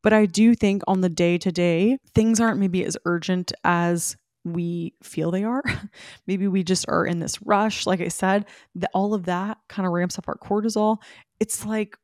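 A woman hosting a solo podcast. She gives listeners animated, emphatic pep talks and speaks to them directly. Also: mid-range voice, a little slow, dry recording, studio quality. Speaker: podcast host. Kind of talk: solo podcast talk, motivational.

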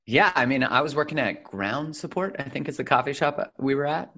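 A man's voice: mid-range voice, animated, fairly quick, fairly bright tone. A man hosting his podcast, talking in an enthusiastic, chatty way to his listeners and his guest. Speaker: podcast host. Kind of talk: podcast intro and casual interview.

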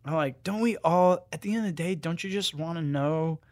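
Animated, joking man in a dry room. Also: on the high side, brisk, dry recording. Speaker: guest, author and musician. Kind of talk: casual conversation.

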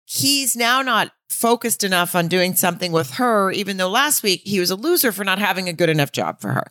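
A woman's voice: mid-range voice, animated, fairly quick, pushed and bright, dry recording, studio quality. A woman co-hosting a podcast in casual chat, blunt and exasperated, swearing freely. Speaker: podcast co-host.

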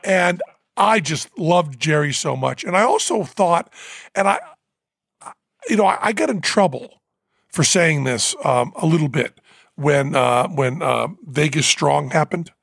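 A man hosting a podcast, telling a rambling story with fillers and quick laughs. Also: fairly high pitch, lively intonation, creaky, fairly bright tone, no echo. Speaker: podcast host. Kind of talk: casual storytelling. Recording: dry close studio mic.

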